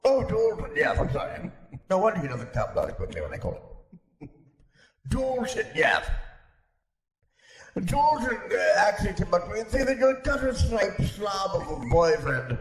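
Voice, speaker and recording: A prim, snobbish older society aunt, put on by a man, gossiping and giggling at her own barbs. The voice sits high and swoops up and down in a lively way. It is heard in an echoey room, as in an improvised comedy podcast. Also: normal speed, long pauses, heavily acted. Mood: haughty gossip. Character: snobbish wealthy older aunt, bigoted and fussy. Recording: roomy echo.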